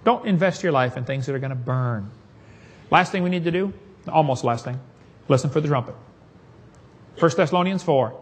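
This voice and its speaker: A Southern preacher with a husky voice, pitched a little high for a man. He preaches in a folksy, storytelling way and slips jokes in between the scripture. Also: animated, normal speed, long pauses. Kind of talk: sermon.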